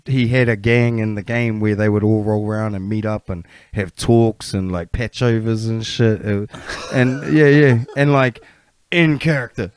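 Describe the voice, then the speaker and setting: A man's voice: fairly low pitch, fairly even intonation, normal speed, clean tone, no room sound. Young New Zealand man, casual podcast co-host, storyteller, dry close sound. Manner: laid-back storyteller, swears, slips into mocking voices. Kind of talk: casual chat.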